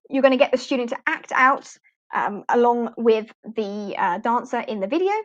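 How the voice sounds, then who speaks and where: An ESL teacher trainer, a woman with a higher, expressive voice, walks teachers through online lesson slides at a normal speed. Her chatty, practical instructional screen walkthrough models prompts for students. The audio's highs are cut off.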